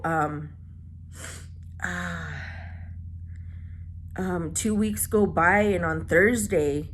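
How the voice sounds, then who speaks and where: A woman vlogger telling a personal story to camera, soft-spoken and halting as she searches for words, grieving and holding back tears. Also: fairly low pitch, a little hiss or hum. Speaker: beauty vlogger.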